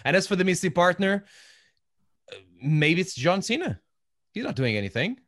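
A man's voice: high voice, big pitch swings, fairly bright tone. A man hosting a casual podcast, a wrestler himself, bantering playfully and teasing his guest. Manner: playful and joking, quick laughs, teasing banter.

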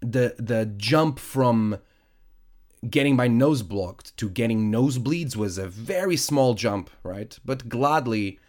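Sinusitis has stuffed up the nose of this podcast host, whose voice is fairly low and gravelly and whose first language is Portuguese. Alone at a studio podcast mic, he chats casually and rambles, full of fillers and self-corrections.

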